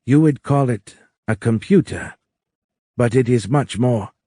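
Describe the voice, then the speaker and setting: A man voicing a calm, wise alien woman with a foreign accent, speaking slowly and explaining patiently in an audiobook. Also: medium pitch, no echo, clean studio sound, voice pushed up, lightly acted. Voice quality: foreign accent, soft raised voice. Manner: slow, measured, explanatory.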